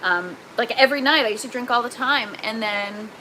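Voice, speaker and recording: A chatty young Canadian woman hosts a gardening livestream, excitable and quick to laugh as she answers viewers. Her voice is bright and a little high. A faint hum of the room sits behind her. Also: rough recording. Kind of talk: casual livestream chat, reading viewer comments aloud.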